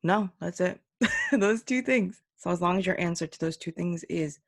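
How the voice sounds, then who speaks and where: A young woman talking casually as a podcast host and English teacher, joking at her own expense and acting out quotes in a higher voice. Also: lively intonation, normal speed, no echo, clean studio sound. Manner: chatty, self-mocking, acts out quotes in higher voices. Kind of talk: casual solo podcast chat. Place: home room.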